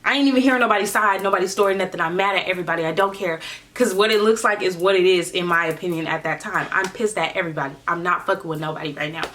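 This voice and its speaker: A young woman vlogger telling a casual storytime in a slangy, animated way, acting out what people said. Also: fairly low pitch, rapid-fire. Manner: animated, slangy, acts out quotes.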